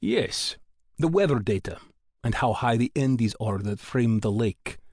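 A man voicing a cheerful, easygoing male oil engineer who talks in an unhurried, upbeat way. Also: mid-range voice, level tone, creaky, breathy edge, no echo, clean studio sound, full character voice. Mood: teasing.

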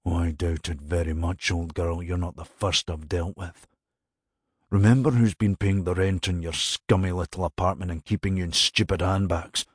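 A man's voice: sits low, fairly even intonation, moderate pace, breathy edge, no room sound, studio quality. A man playing a cruel middle-aged married man who dumps his mistress, simpering and condescending, then coarse and sneering.

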